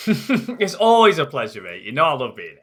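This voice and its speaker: A man's voice: a little high, wildly swooping pitch, normal speed, a bit bright, breathy edge, faint music behind. A man co-hosting a podcast in casual chat, laughing and rambling, often calling his friend mate. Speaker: podcast co-host.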